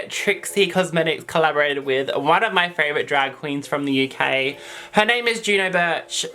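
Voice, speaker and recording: An Australian man chatting excitedly to camera as a makeup vlogger, gushing over products. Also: on the high side, normal speed, clear, resonant tone. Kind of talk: casual chat to camera.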